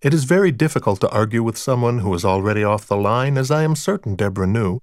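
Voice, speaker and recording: A man narrating a first-person audiobook in a dry, wry, deadpan manner. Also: medium pitch, quick pace, dry recording.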